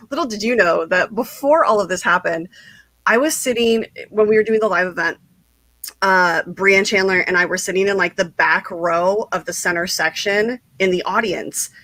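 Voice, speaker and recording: Bright, giggly woman host chatting. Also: medium pitch, no room sound. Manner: bubbly, giggly storytelling with lots of "like". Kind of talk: casual interview chat.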